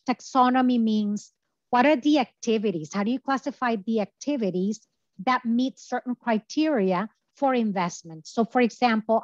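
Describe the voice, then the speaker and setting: A woman's voice: fairly high pitch, no echo, highs cut off. A woman giving a lecture over slides, explaining step by step with many filler sounds, her voice a little tired from talking all day. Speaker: guest lecturer.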